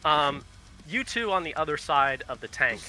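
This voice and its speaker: A man's voice: a little high, animated, normal speed, sharp tone, faint music behind. A man running a tabletop game as game master, casual and swearing, often laughing.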